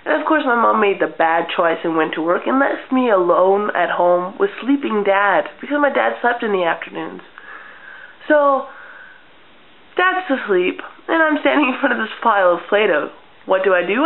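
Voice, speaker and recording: A young woman vlogger telling childhood stories in a casual, deadpan way, acting out little scenes. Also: mid-range voice. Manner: chatty, deadpan humor, acts out childhood scenes. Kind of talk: casual storytelling vlog. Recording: tinny lo-fi webcam audio.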